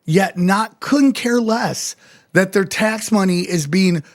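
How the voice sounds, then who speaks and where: Male podcast host, high-pitched, fast profane rants. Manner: animated, profane ranting with mock-quoted exchanges. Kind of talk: casual podcast chat.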